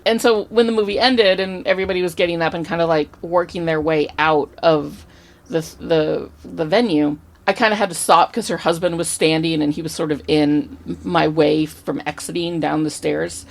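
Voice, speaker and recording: This is a woman co-hosting a relaxed podcast, spinning an anecdote with lots of energy and the odd swear word. Her voice sits on the low side and has a gravelly, fry-edged texture. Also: normal speed. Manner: animated, chatty, swears casually. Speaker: podcast co-host. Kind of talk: casual podcast storytelling.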